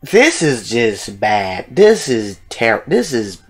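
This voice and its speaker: A man's voice: medium pitch, very animated, takes it slowly, breathy edge. A man hosting a reaction video, talking casually, exclaiming in disbelief and swearing freely.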